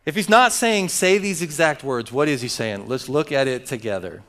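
A man's voice: mid-range voice, lively intonation, moderate pace, hardly any pauses, a bit bright. A man preaching a sermon as pastor, emphatic and joking with his congregation.

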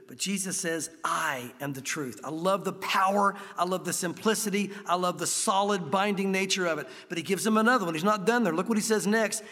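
A middle-aged male pastor preaches in a casual, emphatic way and leans hard on key words. His voice sits high for a man. The sound rings with the long reverb of a large church hall. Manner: emphatic, conversational preaching with sudden loud peaks. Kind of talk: sermon. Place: church sanctuary.

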